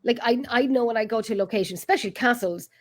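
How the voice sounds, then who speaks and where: An Irish woman with an Irish accent hosts a casual chat, chatty and lively as she greets viewers and reads their comments. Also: a little high, very fast. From Ireland. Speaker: host.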